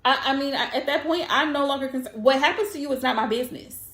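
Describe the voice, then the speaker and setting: Woman, high voice, tarot reader giving casual advice. Blunt and emphatic, repeats her points. Echoey room. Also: fast, fairly bright tone.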